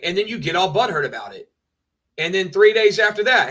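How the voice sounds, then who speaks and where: A man's voice: high voice, expressive, fairly quick, sharp tone. A man ranting on a livestream, emphatic and repetitive, talking over and over the same point. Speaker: streamer.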